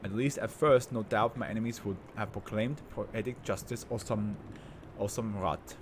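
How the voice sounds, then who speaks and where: A man's voice: lowish voice, fairly even intonation, normal speed, background noise, natural voice. A man voicing an arrogant male tycoon who is a brain in a jar, speaking in a grandiose, contemptuous way. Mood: haughty.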